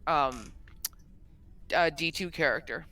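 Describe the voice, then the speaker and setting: A woman's voice: deep voice, slow, bright, forceful tone, faint music behind, rough recording. A woman co-hosting a stream, chatting in a playful, easygoing way and laughing along. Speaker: streamer and co-host. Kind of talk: casual stream chat.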